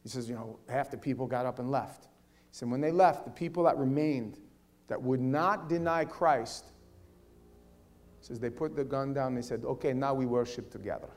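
A male pastor preaching a sermon in a casual, animated way, swinging between loud and hushed delivery. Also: mid-range voice, moderate pace.

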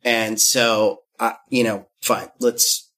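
A man's voice: lowish voice, little pitch movement, slow, fairly bright tone. A man in his thirties tells a candid story as a guest, rambling along. He fills his talk with fillers and false starts and slips into little acted-out quotes. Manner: rambling, many fillers and restarts, acts out quotes.

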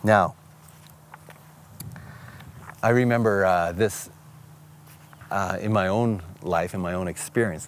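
A man's voice: low-pitched, a little hiss or hum. A middle-aged man preaching a conversational sermon, reading scripture aloud and then speaking personally to the congregation. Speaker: pastor.

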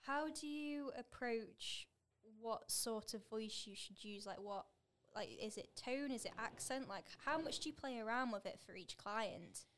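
A woman's voice: a little high, measured pace, fairly bright tone. A young woman from Leek with a northern Staffordshire twang, hosting a podcast interview and chatting casually with plenty of "like" fillers. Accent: northern English, Staffordshire. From Leek, England.

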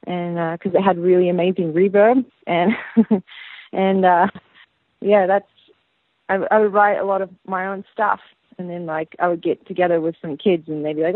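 Australian woman singer on a tinny phone line, rambling and relaxed, dry sound. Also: fairly low pitch, moderate pace, dry recording. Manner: relaxed and rambling, many fillers and restarts. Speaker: band singer, guest. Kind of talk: casual interview chat.

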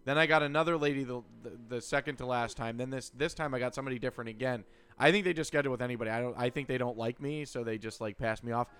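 A man's voice: mid-range voice, a bit bright, clear, resonant tone. A man, co-hosting a podcast in blunt, swearing casual chat. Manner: fast, blunt, swears freely. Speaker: podcast co-host.

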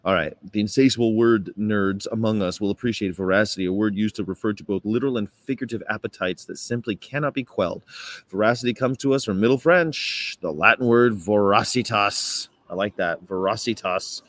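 A man's voice: a little fast, no room sound. A man casually chatting on a livestream, rambling, laughing often and reading things aloud. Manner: mock-sweet high voice for quoted politeness. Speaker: vegan activist livestreamer. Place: Chicago.

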